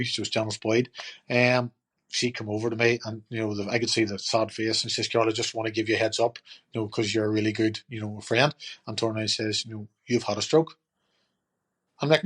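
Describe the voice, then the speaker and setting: A middle-aged man, a podcast guest telling his story in a chatty, rambling way full of fillers. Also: lowish voice. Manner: chatty, rambling, lots of "you know" and "turned around and says". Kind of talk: casual storytelling.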